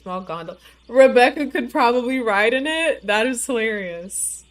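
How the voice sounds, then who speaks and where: Her voice runs on the high side with lively intonation and a moderate pace as she streams a game live. Casual chatter peppered with "like" and "you know" comes out slightly slurred from a bitten tongue.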